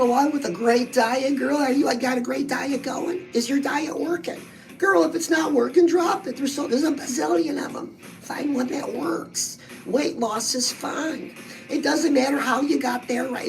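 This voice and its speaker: A woman with a high voice speaks at a normal pace, coaching her audience on weight loss and fitness with bubbly, chatty enthusiasm. Faint music plays behind her on a rough recording.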